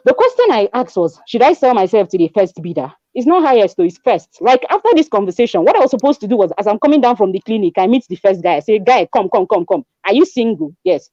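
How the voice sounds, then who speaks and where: A woman in her twenties with a Nigerian accent, telling her story in an animated way as a guest, acting out dialogue and mixing in pidgin. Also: on the high side, fast, no room sound, highs cut off. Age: 20s. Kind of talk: conversational testimony.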